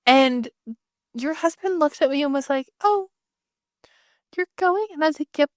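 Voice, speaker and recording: A woman co-hosting a podcast tells stories in casual chat, animatedly acting out what people said. Her voice is high-pitched at a moderate pace, with studio-quality sound and no room echo.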